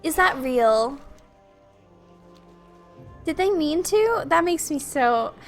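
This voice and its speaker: A woman's voice: sits high, animated, slow, soft background music. Giggly young woman with a Minnesotan accent. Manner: chatty, giggly, rambling. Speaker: streamer. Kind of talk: casual chat while playing a video game.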